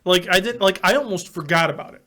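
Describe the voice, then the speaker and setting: A man's voice: high voice, fast. A young man on a casual podcast, telling crude prank-call stories with a lot of swearing. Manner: animated, profane prank-call storyteller. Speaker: podcast co-host. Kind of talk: casual chat, storytelling.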